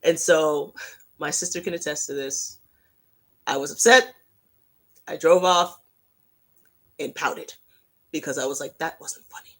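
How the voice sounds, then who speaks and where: A fan hosting a casual livestream, telling a rambling, self-mocking story in an animated way. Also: medium pitch, a little slow, long pauses.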